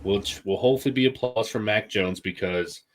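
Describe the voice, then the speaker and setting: A young man with a slightly low voice runs through his team's offseason in loose, casual sports talk. He jumps between sarcastic jabs and easy laughter, clearly loving the banter. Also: brisk. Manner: animated, laughing, sarcastic asides. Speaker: podcast co-host, Patriots fan.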